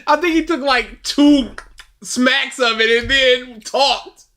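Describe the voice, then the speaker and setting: Guy cohosting a reaction vid, high bright voice, laughs and mocks a lot. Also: slow pace. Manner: mocking, laughing, exclaiming. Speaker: co-host reacting to video. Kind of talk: casual reaction chat.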